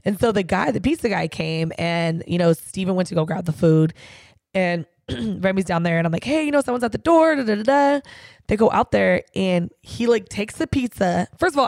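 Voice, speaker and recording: A woman co-hosting a casual podcast, ranting in an animated way and swearing freely. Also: on the low side, creaky, no echo. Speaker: podcast co-host.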